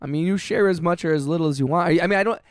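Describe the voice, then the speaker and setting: A man with a raised, clear, resonant voice chats live with his viewers, full of "bro" and "dude". He stumbles and restarts often, and swears freely. The sound is dry and close, with no room echo. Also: on the high side, rapid-fire. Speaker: livestreaming music producer. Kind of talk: casual livestream chat, reading chat messages.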